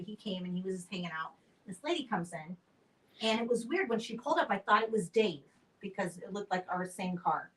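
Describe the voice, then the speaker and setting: A woman's voice: medium pitch, a bit bright, distant mic, low-quality recording. A woman in her forties chatting casually and telling stories, acting out what people said. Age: 40s. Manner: chatty storyteller, acts out quotes. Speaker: building owner. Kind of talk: casual chat. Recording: voice from off the mic.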